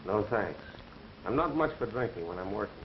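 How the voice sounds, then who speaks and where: A man's voice: fairly low pitch, expressive, brisk, slight background noise, natural voice. A man playing a wisecracking reporter. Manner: breezy, wisecracking banter. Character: wisecracking young male college reporter. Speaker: newspaper reporter. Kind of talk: 1930s film acting. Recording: dull, lo-fi old film soundtrack.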